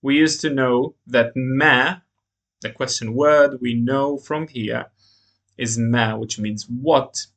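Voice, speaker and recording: A man's voice: medium pitch, steady tone, slow, fairly bright tone. A man teaching a beginners' language lesson, explaining grammar step by step and reading example phrases aloud. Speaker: Arabic teacher.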